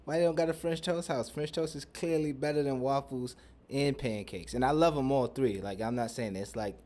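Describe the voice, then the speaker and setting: A man's voice: medium pitch, moderate pace, a little mellow. A young man hosting a podcast, talking in a loose, profane, rambling and joking way. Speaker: podcast host. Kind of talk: casual chat.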